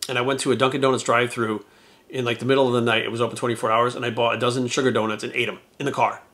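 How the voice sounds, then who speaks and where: A man's voice: medium pitch, level tone, racing, fairly bright tone. A man who is a YouTuber and retired bodybuilder, telling a story to his viewers in a candid, profane, rambling way. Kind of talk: casual storytelling to camera.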